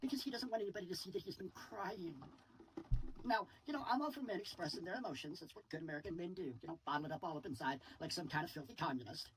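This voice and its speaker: A man's voice: high-pitched, fast, a bit bright. A man mocking someone on a livestream panel, repeating taunts in a sing-song, ridiculing way. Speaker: stream panel guest. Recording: distant mic with faint background noise.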